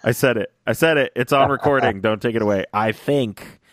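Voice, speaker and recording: A man in a casual fan chat, talking excitedly and rambling, often acting out lines in little voices. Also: medium pitch, a little fast, dry recording, clean studio sound. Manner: excited, rambling, acts out quotes.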